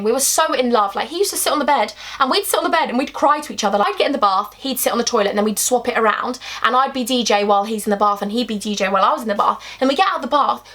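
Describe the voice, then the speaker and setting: A woman's voice: a little high, fairly bright tone. A young woman from England telling a chatty, emphatic storytime vlog, acting out bits of dialogue. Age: young adult. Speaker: vlogger.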